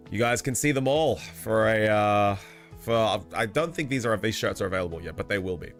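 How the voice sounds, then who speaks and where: A man's voice: lowish voice, moderate pace, faint music behind. A young man streaming live, chatting casually with his viewers, joking, laughing a lot and swearing freely.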